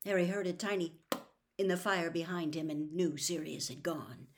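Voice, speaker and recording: A woman reading a novel aloud as a serialized storytime episode, softly, slipping into a whisper at tense moments. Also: fairly low pitch, steady tone, moderate pace. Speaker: audiobook reader.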